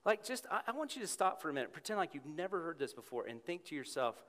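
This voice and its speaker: A male pastor delivers a sermon in a church sanctuary, and the room's long reverb trails after his words. His voice sits a little high and ranges widely in pitch. He moves between playful, animated storytelling and a quiet, earnest tone. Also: fast talker, few pauses.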